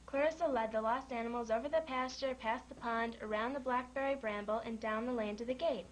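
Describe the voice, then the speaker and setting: A woman reads a children's farm story aloud. Her voice sits a little high and her manner is gentle. A faint background noise stays under the reading. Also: a little fast, low-quality recording. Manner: gentle, lightly voices the animal characters.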